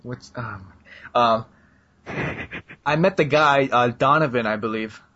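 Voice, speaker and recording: A man speaks slowly at a medium pitch, his tone bright and forceful. As a podcast co-host, he chats casually and rambles, dropping lots of fillers and laughs, and the audio sounds dull and lo-fi.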